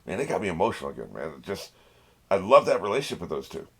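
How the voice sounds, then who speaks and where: A man's voice: deep voice, big pitch swings, fast talker, breathy edge. A man hosting an anime reaction video, chatting casually, laughing often and talking back to the screen. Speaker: anime reaction channel host.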